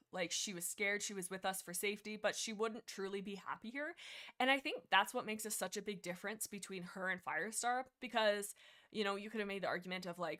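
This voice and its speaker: On her livestream, a young woman with a mid-range voice casually discusses a book, rambling loosely. She gets excitable, often restarts sentences, and fills pauses with plenty of fillers.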